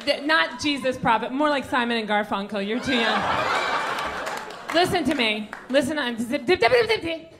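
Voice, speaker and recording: Brassy high-voiced woman doing stand-up. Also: normal speed. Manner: brassy, teasing audience members. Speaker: stand-up comedian. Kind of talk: stand-up comedy set. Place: comedy club stage with audience. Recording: live club audio with crowd noise.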